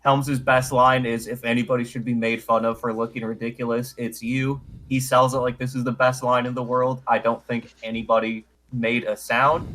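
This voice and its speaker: A man's voice: mid-range voice, a bit bright, a little hiss or hum. A man co-hosting a casual podcast, recapping an old wrestling episode with dry sarcasm. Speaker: podcast co-host.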